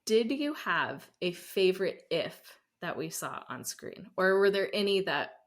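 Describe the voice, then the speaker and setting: A woman's voice: mid-range voice, animated, unhurried. A woman from Arizona co-hosting a film podcast, chatting casually and with enthusiasm. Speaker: podcast co-host. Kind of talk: casual chat.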